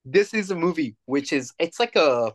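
A man's voice: a little high, expressive, moderate pace. A man co-hosting a casual podcast, talking in a rambling, emphatic way with plenty of swearing. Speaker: podcast co-host. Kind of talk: casual chat.

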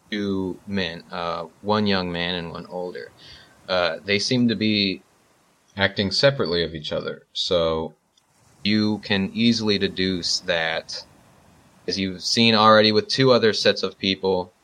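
A man narrating a tabletop role-playing game as game master, talking in a relaxed, halting way with many fillers. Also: sits low.

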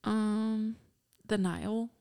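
Young woman rambling through a story on a podcast, giggly, lots of likes, average pitch. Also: steady tone, drawn-out words, gravelly, mellow, clean tone. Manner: chatty storyteller, giggly, many "like"s. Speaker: podcast co-host. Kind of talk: casual chat.

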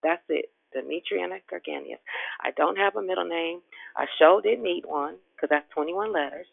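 A woman's voice: fairly low pitch, normal speed, creaky, husky. A woman, hosting a devotional prayer call in an exuberant, folksy way and laughing often. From Richmond, Virginia. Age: 50s. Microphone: phone. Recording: tinny phone line, dry.

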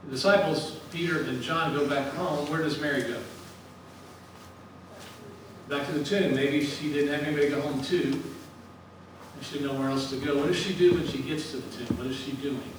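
A man's voice: on the high side, steady tone, fairly quick, very echoey, recorded from a distance, slight background noise, low-quality recording. A man giving a sermon in a conversational way, asking questions and answering them himself. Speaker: speaker at a ministry gathering.

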